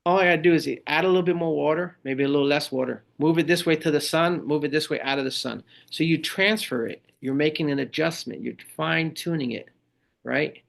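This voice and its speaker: Gravelly man telling animated stories. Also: fairly high pitch, brisk. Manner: animated storytelling, acts out quoted people. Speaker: podcast guest, leadership speaker. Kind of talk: casual interview talk.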